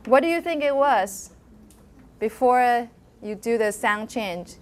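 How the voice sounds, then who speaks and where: Woman, lecturer, unhurried classroom delivery, models pronunciations by repetition. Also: a little high, animated, a little hiss or hum. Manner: demonstrates sounds by repeating words slowly; switches briefly into Mandarin. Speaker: university phonetics lecturer. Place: lecture hall.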